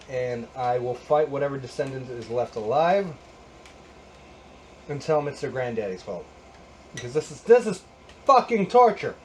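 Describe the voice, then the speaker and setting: A man's voice: fairly high pitch, mellow, slight background noise. A man in his thirties restringing a guitar in a casual how-to vlog, ranting with sarcastic, exasperated swearing. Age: 30s. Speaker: YouTube host.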